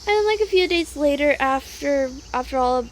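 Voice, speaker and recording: A young woman with a high voice vents in a rambling, casual monologue. She sounds upset and swears freely, with lots of fillers. Faint crickets chirp behind her. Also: animated, normal speed, a little hiss or hum. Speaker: vlogger.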